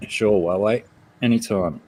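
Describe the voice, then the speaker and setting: Australian man, very deep voice, casual livestream host, greets viewers one by one. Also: unhurried, darkish tone, slight background noise, poor audio. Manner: chatty, greets chat viewers by name. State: has a headache.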